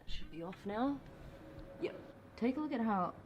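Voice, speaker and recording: A woman's voice: a little high, animated, moderate pace, muffled recording. Australian woman presenting from a noisy show floor. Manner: upbeat, direct to camera. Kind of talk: video presenting.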